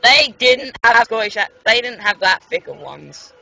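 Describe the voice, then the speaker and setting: Man, excitable blunt banter, high bright voice, gravelly edge. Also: normal speed, faint music behind, low-quality recording. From southern England. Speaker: stream host. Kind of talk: casual group chat over a game stream.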